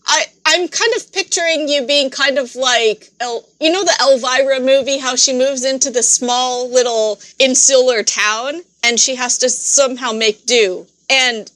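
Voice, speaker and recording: A woman's voice: high-pitched, steady tone, measured pace, hardly any pauses, fairly bright tone. A woman hosting a podcast, asking long questions in a casual, joking way. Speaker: podcast host. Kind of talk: casual interview chat.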